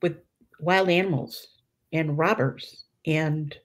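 A middle-aged woman leads a religious study in an easy, conversational way. Her voice sits on the lower side, and her speech is loose, full of fillers and self-corrections. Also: fairly even intonation, takes it slowly. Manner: conversational, many fillers and restarts, acts out quoted voices. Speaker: Catholic teacher leading a prayer study. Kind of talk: informal religious teaching.

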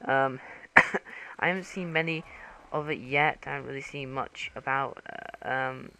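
A man's voice: medium pitch, steady tone, measured pace, pushed and bright, slight background noise. A man gives casual, rambling game commentary into a gaming headset, full of fillers and restarts, with a cough.

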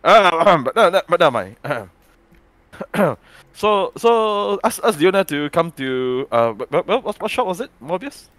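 A man playing a character in a tabletop role-playing game who exclaims and repeats himself when excited. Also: high voice, a little slow, no room sound. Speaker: player.

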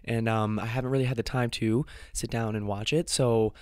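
A man's voice: mid-range voice, steady tone, brisk, darkish tone, clear, resonant tone, no echo, clean studio sound. Gushing man reacting to music. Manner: gushing, repeats short exclamations of delight. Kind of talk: casual reaction commentary.

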